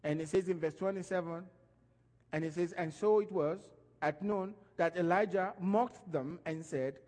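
A man preaching a sermon, animated and emphatic, his voice rising and falling as he stresses his points. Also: sits high, normal speed, in a large hall.

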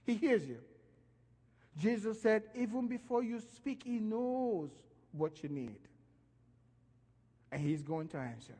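High-voiced preacher in a reverberant hall. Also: male voice, slow pace, long pauses, slightly rough. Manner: animated preaching, voice rising and falling in emphasis. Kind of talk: sermon.

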